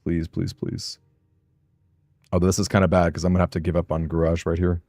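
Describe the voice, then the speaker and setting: A young man with a fairly low voice chats loosely through a live game stream. He reads comments aloud, laughs easily and second-guesses himself. The sound is close and dry with no room behind it. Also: flat delivery, rapid-fire, warm tone, no room sound, faint music behind. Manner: chatty, self-conscious, laughs often, reads chat aloud. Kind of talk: casual live-stream chat while playing.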